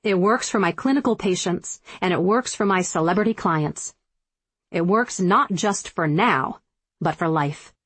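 A woman's voice: fairly low pitch, unhurried, breathy edge, no echo. A woman reading her own diet book aloud as a firm, emphatic, motivational audiobook narration.

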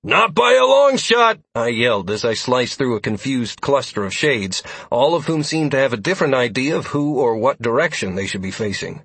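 A man narrating a fantasy adventure in first person, in a steady storytelling manner. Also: mid-range voice, fairly quick, few pauses, husky, no room sound. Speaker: audiobook narrator.

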